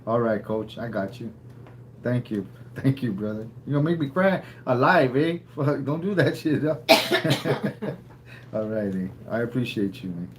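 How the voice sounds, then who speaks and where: A man's voice: medium pitch, animated, unhurried, slight background noise, poor audio. A man co-hosting a casual livestream, rambling and laid-back, tagging sentences with "eh". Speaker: livestream co-host.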